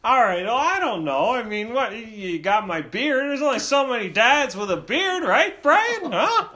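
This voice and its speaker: Man doing a shrill flustered rambling dad. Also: very animated, sharp tone, heavily acted. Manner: exasperated, rambling without pause. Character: flustered loud bearded dad at school.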